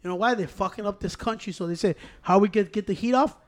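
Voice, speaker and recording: Loud profane man with a high voice. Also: fast talker. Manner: animated, profane, slips between English and Spanish. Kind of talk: casual banter.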